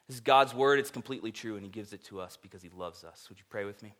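A man's voice: lowish voice, quick pace, few pauses, a bit bright. A man preaching a sermon, reading scripture and then talking in a casual, earnest way with filler words. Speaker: pastor.

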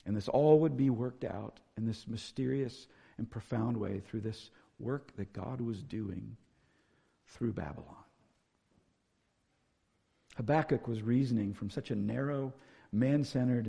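A man delivers a sermon in a gravelly voice with a husky edge. He speaks earnestly, swelling with force as he reads scripture aloud and settling lower as he reflects. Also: a little slow, warm tone, long reverb tail. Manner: earnest, rising to emphatic when reading scripture. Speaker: pastor.

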